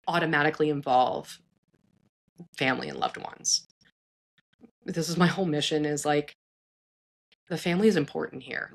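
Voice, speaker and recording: Female psychologist host, somewhat low voice; earnest, animated, casual advice with frequent self-corrections. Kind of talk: casual advice talk for parents.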